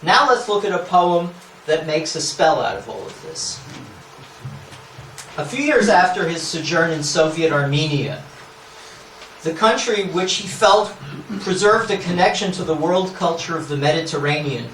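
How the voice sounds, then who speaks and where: In an echoey lecture hall, a man explains scholarly points with asides, checking in with the audience with a frequent "yeah?" He speaks at a moderate pace in an expressive, fairly bright voice on the high side. The mic is far off, and there's slight background noise.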